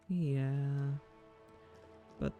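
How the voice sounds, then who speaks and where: A streamer casually commenting on a game and reading lines aloud, musing and swearing in an unhurried way. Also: female voice, a bass voice, steady tone, narrow, tinny audio, faint music behind.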